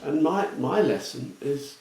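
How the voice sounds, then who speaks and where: A man's voice: on the high side, sing-song, unhurried, darkish tone. An English man who is a guest on an interview podcast, telling stories bluntly and with animation, often laughing. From England. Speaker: guest, retail futurist. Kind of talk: casual storytelling interview. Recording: echoey room with faint background noise.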